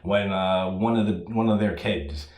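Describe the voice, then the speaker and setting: A man giving a casual solo movie review, profane and animated, laughing at his own jokes. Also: low voice, a little slow, echoey room.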